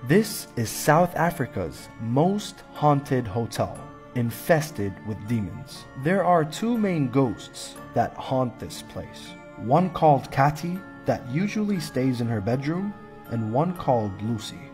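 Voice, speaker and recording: A man's voice: medium pitch, big pitch swings, takes it slowly, darkish tone. Man narrating a spooky countdown over music. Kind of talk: scripted narration of a countdown list.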